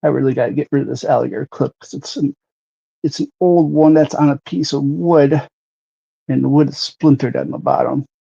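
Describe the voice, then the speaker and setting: A man's voice: medium pitch, steady tone, fairly quick, vocal fry, mellow, breathy edge, lo-fi sound. A man hosting a livestream, chatting casually while airbrushing a model and greeting viewers by name. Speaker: livestream host.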